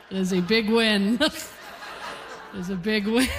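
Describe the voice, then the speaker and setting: A woman's voice: medium pitch, in a large hall. A woman in her forties from Canada performing a stand-up set, telling stories in a wry, conversational way. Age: 40s. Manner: conversational, wry storytelling delivery. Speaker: stand-up comedian. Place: comedy club stage.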